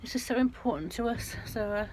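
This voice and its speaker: A woman vlogs casually to camera in and around her van, chatty and rambling. Her voice is on the high side, animated and a little fast, with loud vehicle noise in the recording.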